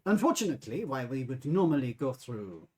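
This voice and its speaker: Man voicing a discreet German banker in a tabletop game; husky, lively delivery, shaky put-on German accent. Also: medium pitch, a little fast, pitched below the performer's own voice. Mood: formal. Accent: put-on German accent, drifting. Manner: formal, hesitant, discreet. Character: scheming male German banker, formal.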